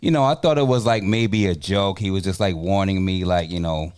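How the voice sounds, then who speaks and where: A man with a very low, resonant voice tells a story from his old job. He pauses with "um" and restarts now and then, and keeps it conversational. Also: a little mellow, clean tone. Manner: anecdotal, hesitant, with fillers. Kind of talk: casual discussion.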